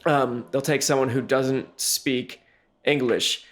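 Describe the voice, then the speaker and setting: A middle-aged man co-hosting a podcast, chatting casually in a halting, self-deprecating way. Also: medium pitch, fairly even intonation, a bit bright. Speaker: podcast co-host. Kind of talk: casual chat.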